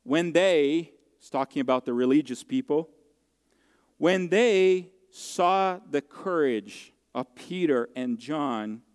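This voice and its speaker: A male pastor delivers a sermon in a slightly raised, smooth and resonant voice. He speaks earnestly, often circling back and restarting his sentences. His words ring out with a long reverb in a large hall. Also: on the high side, expressive. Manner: earnest, heartfelt storytelling with halting restarts.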